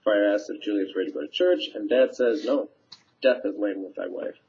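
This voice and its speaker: A teacher talks students through a play scene in a relaxed, conversational way. His man's voice sits on the low side. The recording is dull and lo-fi, as from a webcam microphone. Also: a little fast, gravelly. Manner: conversational, paraphrasing lines with fillers. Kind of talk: casual scene summary for students. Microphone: webcam mic.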